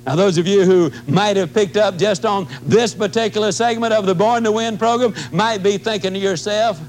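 A man's voice: normal speed, low-quality recording. A man in his fifties giving a motivational talk, emphatic and folksy, acting out his own reactions. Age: 50s. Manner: emphatic, folksy, swings pitch to act out reactions. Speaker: motivational speaker. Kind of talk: motivational talk with acted-out anecdotes.

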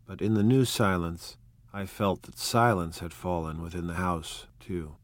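A man narrates a novel in a steady, measured, unhurried way. His voice sits low, recorded close with a dry, dead sound. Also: dry recording. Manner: measured, even, unhurried reading. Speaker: audiobook narrator. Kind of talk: scripted narration.

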